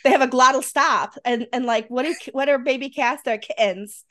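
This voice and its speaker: Chatty high-voiced Western New York woman. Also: fairly even intonation, fairly quick, a bit bright. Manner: chatty, laughs often. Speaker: podcast co-host. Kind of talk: casual chat.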